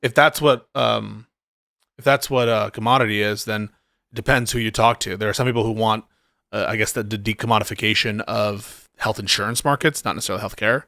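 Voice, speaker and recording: A man's voice: fairly low pitch, steady tone, brisk, vocal fry, bright, forceful tone, dry recording, studio quality. A man hosting a livestream debate, hesitant and questioning, with occasional casual swearing. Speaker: streamer host.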